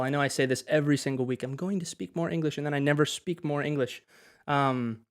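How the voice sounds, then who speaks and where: A young man from Wisconsin, teaching English in a chatty livestream, greeting viewers by name as he answers their questions. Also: on the high side. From Wisconsin, USA. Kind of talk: livestream language lesson.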